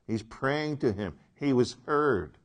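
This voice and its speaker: A man's voice: medium pitch, expressive, slow. A man teaching a Bible class, speaking emphatically and asking his listeners questions.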